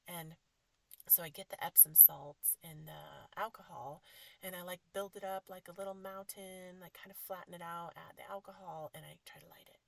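A woman's voice: deep voice, fairly even intonation, a little fast, gravelly, recorded from a distance. A woman hosting a podcast, telling a personal story with emotion, full of fillers and often dropping to a whisper. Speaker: podcast host.

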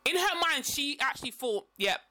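A woman's voice: fairly high pitch, lively intonation, quick pace, pushed and bright, dry recording. A woman co-hosting a podcast, chatting casually and animatedly, often laughing. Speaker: podcast co-host. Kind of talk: casual chat.

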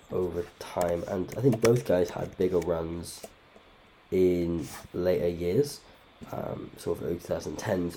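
Low, dark-voiced sweary man. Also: creaky, slight background noise. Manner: sweary, loudly incredulous outbursts. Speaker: podcast host ranking fighters. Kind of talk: casual podcast chat.

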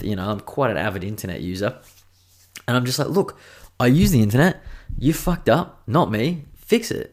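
An Australian man with a fairly low voice rants his way through a casual podcast monologue, swearing freely as he tells a story. He talks the way a show host talks to regular listeners.

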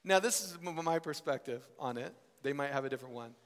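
A man, a worship leader, telling a personal story with animated, laughing delivery and acting out family members. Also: mid-range voice, fast. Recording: reverberant hall.

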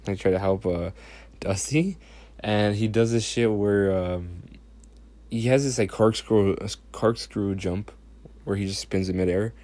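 Young man, deep, dark tone, rambling, profane, laughing recap. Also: no room sound. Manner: rambling, heavy swearing, frequent laughs. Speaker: podcast host. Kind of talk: casual wrestling recap.

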